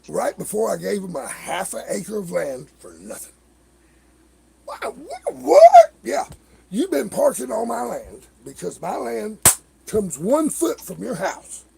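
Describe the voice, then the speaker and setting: A middle-aged man spins long stories on his livestream, with a gravelly, creaky voice that sits fairly high. His pitch swings widely as he acts out what others said, cursing and laughing along the way. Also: slight background noise. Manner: animated, swearing, laughing storyteller who acts out others' lines. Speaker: livestream host. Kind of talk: casual storytelling chat.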